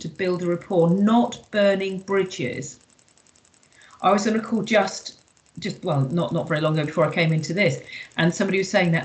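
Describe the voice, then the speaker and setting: A woman trainer talks an online audience through her points in a chatty, emphatic way. Her voice sits at a middle pitch, and she keeps dropping in "you know" as she goes. It sounds like a video call. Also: low-quality recording. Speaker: workshop trainer. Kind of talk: online workshop presentation.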